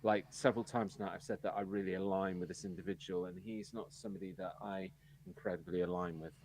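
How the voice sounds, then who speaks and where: A man's voice: sits low, fairly even intonation, fast talker, darkish tone, a little hiss or hum. An English man co-hosting a casual live podcast, frank and opinionated, talking through long anecdotes. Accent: English, with some American habits. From England. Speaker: podcast co-host.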